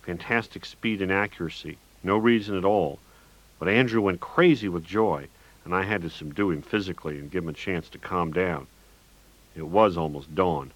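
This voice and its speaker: Deep-voiced man reading a first-person audiobook. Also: normal speed, poor audio. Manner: wry, with bursts of manic dialogue. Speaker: audiobook narrator.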